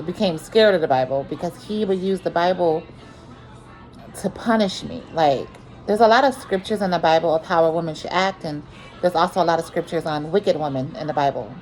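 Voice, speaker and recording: A woman's voice: lowish voice, a little mellow, low-quality recording. A woman telling a personal story in a vlog, earnest and repetitive, with many restarts. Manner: earnest, repeats herself, many restarts and fillers.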